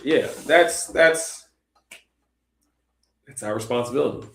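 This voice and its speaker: A man's voice: on the low side, normal speed, reverberant. A man hosting a Christian discussion show, talking earnestly with many fillers and restarts. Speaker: host.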